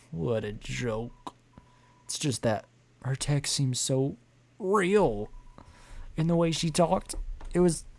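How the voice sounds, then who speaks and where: A man's voice: medium pitch, dark tone, pitched above the performer's own voice. A man voicing a lovesick, self-pitying young pizza delivery guy in a video game, talking in an overwrought, dramatic way.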